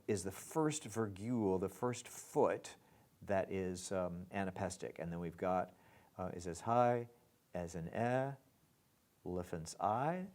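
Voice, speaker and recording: A middle-aged man with a fairly low voice teaches lyric writing. He talks haltingly and often restarts his words. Dry jokes slip in, and he speaks rhythms out loud. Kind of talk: online lesson on lyric scansion.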